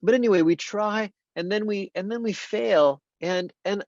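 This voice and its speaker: A Benedictine monk and priest teaches casually about the spiritual life, his voice sitting high at a moderate pace. He searches for words, often saying "you know" and restarting, in a dull, slightly lo-fi dry recording.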